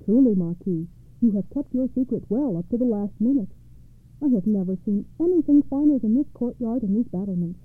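A woman's voice: fairly high pitch, lively intonation, brisk, dry recording. A woman voicing a gracious, courtly king who speaks with admiring formality. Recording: tinny phone-like radio sound.

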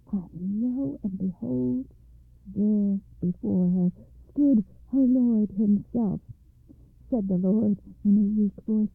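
A woman narrates a fairy tale in a measured, expressive way, her voice gravelly with a husky edge. The sound is dry, with no room around it, and tinny like an old phone line. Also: mid-range voice, no room sound. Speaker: radio storyteller and host.

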